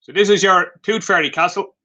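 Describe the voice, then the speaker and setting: The Irish vendor's voice here is high-pitched and steady in tone, brisk, pushed and bright, captured on dull audio. Demonstrating his handmade crafts live on stream, he chats away through light-hearted stories heavy with fillers.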